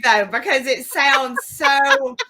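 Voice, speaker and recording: A woman's voice: high voice, big pitch swings, slow pace, sharp tone, low-quality recording. A young woman guest in a casual interview, chatty, acting out quotes of herself and laughing often. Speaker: guest YouTuber.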